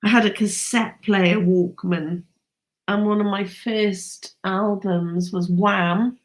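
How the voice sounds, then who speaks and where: A woman's voice: medium pitch, steady tone, slow. A woman, chatting casually with live viewers, enthusiastic and laughing often. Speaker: host.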